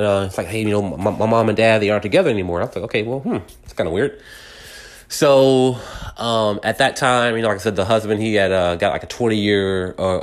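A man telling a personal story in a rambling, conversational way, full of fillers and restarts, acting out what people said. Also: on the low side. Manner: rambling, many fillers and restarts, acts out quoted voices. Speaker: podcast host.

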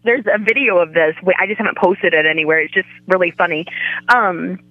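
A woman's voice: lowish voice, brisk, no echo, narrow, tinny audio. A woman guest on a podcast, telling a story in casual chat and acting out the quoted voices.

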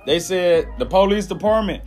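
A man's voice: high-pitched, normal speed, a little mellow, faint music behind. A young man from Mississippi with a Southern accent, co-hosting a casual podcast and telling stories in a loose, profane way. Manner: loose, profane storytelling with playful voice switches. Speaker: podcast co-host.

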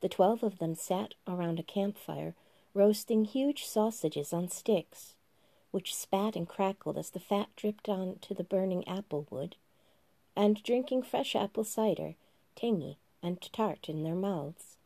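Slow, mellow woman narrating a story. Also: medium pitch, gravelly, no echo. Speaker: podcast host reading a story.

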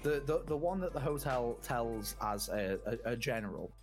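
A man's voice: mid-range voice, animated, normal speed, over music. A man telling a hotel ghost story in a casual chat, stammering and restarting often.

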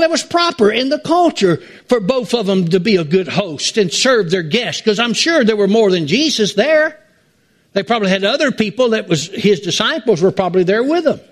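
Animated, slow-preaching pastor with a drawl. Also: male voice. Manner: preaching with sweeping pitch swings, drawn-out emphatic phrases. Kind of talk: sermon.

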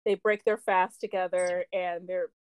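A woman's voice: lowish voice, level tone, unhurried, slight background noise, poor audio. A woman hosting a casual chat, recapping a TV show with lots of laughter and acted-out character lines. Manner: chatty, laughs often, acts out characters' lines.

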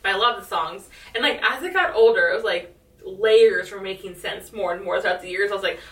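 A young woman co-hosting a podcast in casual, animated chat, often laughing. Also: mid-range voice, brisk. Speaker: podcast co-host. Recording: roomy echo, mic at a distance.

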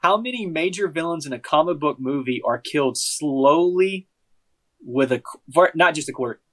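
A man's voice: a little high, expressive, moderate pace, fairly bright tone. A man co-hosting a podcast, explaining his opinions in a thoughtful, casual way. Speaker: podcast co-host. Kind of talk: casual movie-review chat.

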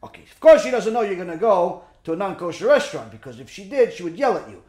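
In an echoey room, a man with a high-pitched voice talks fast as he gives an informal religious lesson through a story. He's animated and keeps checking in with listeners, peppering his points with "okay?" and "right?"

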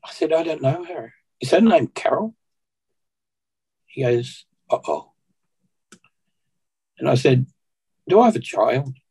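Australian man, podcast guest, gravelly voice, husky tone, earnest storytelling. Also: mid-range voice, very animated, dark tone, rough recording. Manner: earnest, unhurried, often clears his throat. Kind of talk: personal testimony storytelling.

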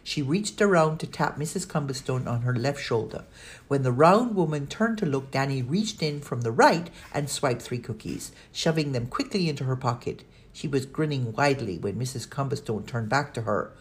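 A woman narrating a children's audiobook in a steady storytelling manner. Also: a bass voice, normal speed.

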